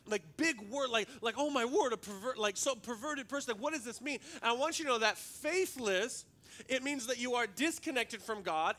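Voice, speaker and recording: Guy pastor preaching, high bright voice, chatty and jokey, stumbles over repeated words. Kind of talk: sermon.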